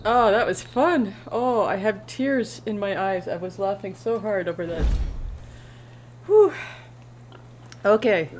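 A woman's voice: mid-range voice, lively intonation, slow, long pauses, darkish tone, slight background noise. A woman giving casual gameplay commentary, chatting to her in-game pet companion as she plays. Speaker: let's play gamer.

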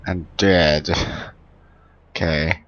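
Deep-voiced young man doing game commentary. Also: extremely slow, lo-fi sound. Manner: excitable, swears, broken English. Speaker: gameplay commentator. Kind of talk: let's play commentary. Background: game music.

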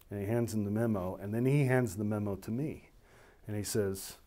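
A man in middle age with a somewhat low voice tells a story from his service. He speaks with animation and briefly takes on the voices of the people in it. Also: moderate pace. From United States. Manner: animated storytelling, voicing others in dialogue. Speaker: military officer. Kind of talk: recounting a personal story.

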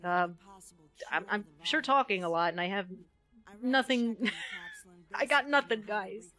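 A woman's voice: mid-range voice, slow pace, pushed and bright, faint music behind. Laid-back joking woman game streamer. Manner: profane, joking, laughs often. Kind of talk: casual live-stream commentary.

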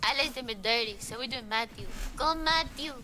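A young woman chatting while playing a game, excitable and slangy, laughing often. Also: on the high side, fairly quick, music in the background. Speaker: co-player. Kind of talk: casual gaming chat.

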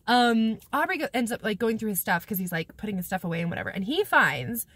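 A woman's voice: mid-range voice, expressive, fairly quick, a bit bright, husky, no echo. A woman vlogger rambling casually through a book recap, sarcastic and giggly, swearing freely as she talks to her camera. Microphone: camera mic, talking to a camera viewfinder.

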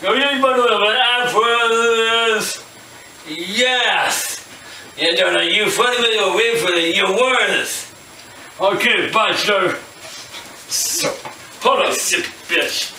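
A young man acting out an improvised toy puppet skit, playful and excitable, with sudden shouts. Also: sits high, slow pace, slight background noise. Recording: echoey room, mic far off.

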